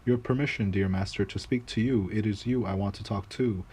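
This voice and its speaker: A man's voice: fairly low pitch, steady tone, a little fast, a little mellow, husky. A man doing a meek, pleading little servant. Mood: humble, earnest. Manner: humble, pleading.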